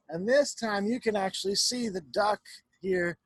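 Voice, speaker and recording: On a home video recording, a male teacher reads a picture book aloud to children, chatty and animated, often stopping to talk with the kids about the pictures. His voice is high-pitched at a normal speed, with no room sound.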